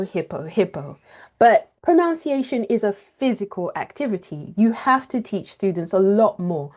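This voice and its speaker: A woman speaking over a video call as she leads a teaching webinar. She sounds upbeat and walks through each step with clear examples. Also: medium pitch, mellow. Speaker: teacher trainer. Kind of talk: webinar presentation.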